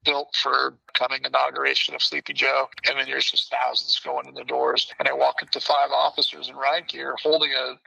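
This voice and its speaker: A middle-aged man telling a story as a podcast guest, animated and acting out quotes and sound effects, on dull lo-fi audio. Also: mid-range voice, brisk, vocal fry, hardly any pauses, a little hiss or hum. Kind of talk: casual spoken storytelling.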